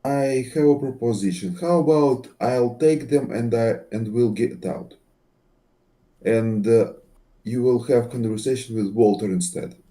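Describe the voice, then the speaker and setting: A man playing a tabletop game, steady and plain-spoken as he makes his moves. His voice is very dark and mellow, and he talks slowly. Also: medium pitch. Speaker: player. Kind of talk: in-character tabletop play.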